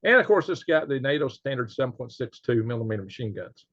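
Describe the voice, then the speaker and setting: A man's voice: mid-range voice, big pitch swings, fast talker, a bit bright, no room sound. A man hosting his own channel, talking in a rambling, folksy way with lots of fillers and little chuckles. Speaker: channel host. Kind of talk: casual commentary. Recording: dry, slightly dull lo-fi sound.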